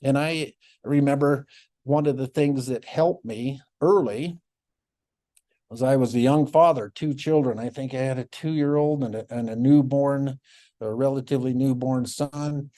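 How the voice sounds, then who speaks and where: Mellow-voiced reflective middle-aged man. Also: mid-range voice, a little slow. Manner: reflective, with frequent soft laughs and restarts. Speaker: former child welfare caseworker, symposium speaker. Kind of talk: storytelling conference talk.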